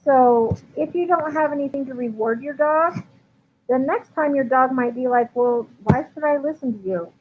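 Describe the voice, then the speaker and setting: A woman's voice: sits high, moderate pace. Chatty woman dog trainer on a tinny line. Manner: chatty, frequent ums and likes. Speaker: dog trainer answering viewer questions. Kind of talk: casual live Q&A. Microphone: livestream computer mic. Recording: tinny phone-like line with faint hiss.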